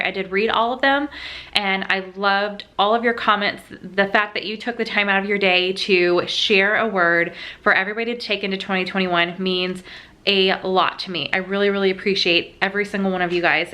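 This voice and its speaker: Bright-voiced emotional woman vlogger. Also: mid-range voice. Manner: emotional, heartfelt, halting. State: tearful. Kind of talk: sit-down chat.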